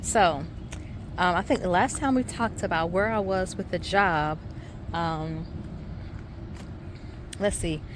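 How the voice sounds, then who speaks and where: A middle-aged woman, a high school teacher chatting casually to camera in her classroom, calling viewers y'all. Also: takes it slowly, pauses often, background noise. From Savannah, Georgia. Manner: chatty, addresses viewers as y'all, many ums. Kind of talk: casual vlog chat to camera.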